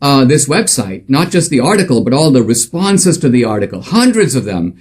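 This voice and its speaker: A man's voice: mid-range voice, sing-song, brisk, slightly rough. Man telling a story, emphatic and conversational. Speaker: author and commentator. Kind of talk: storytelling monologue.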